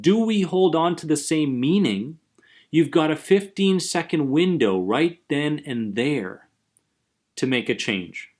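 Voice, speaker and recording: Guy doing a self-help anxiety talk, kinda high voice, earnest and emphatic, keeps saying right?. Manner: earnest and emphatic, often tags lines with "right?". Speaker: anxiety coach and podcast host.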